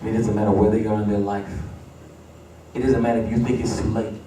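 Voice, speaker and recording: A man's voice: on the low side, little pitch movement, a little fast, dark tone, a little hiss or hum. A man preaching a sermon as pastor, building to emphatic repeated refrains in a church sanctuary. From United States. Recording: echoey church, distant mic.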